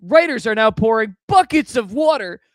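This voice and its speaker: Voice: mid-range voice, expressive, moderate pace, no echo, clean studio sound. Giggling streamer reading posts aloud. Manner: breaks into frequent laughter while reading posts aloud; slangy and loose, says dude and man. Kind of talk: casual reaction commentary.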